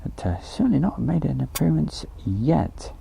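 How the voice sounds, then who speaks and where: A man's voice: fairly high pitch, very animated, moderate pace, creaky, mellow, husky. A man hosting a casual live stream from outdoors by an airfield, chatty and joking as he reads out viewer messages.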